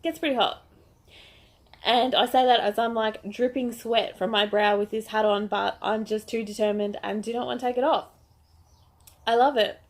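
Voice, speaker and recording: A woman's voice: a little high, steady tone, moderate pace. An Australian woman, a bit sick with a voice that is not projecting, chatting casually and gushing in a crochet vlog. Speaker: crochet vlogger.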